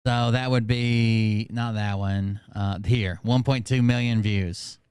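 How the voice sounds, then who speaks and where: A man's voice: on the low side, fairly even intonation, slow, a little mellow, a little hiss or hum. A man giving casual, sarcastic commentary on video clips with dry asides.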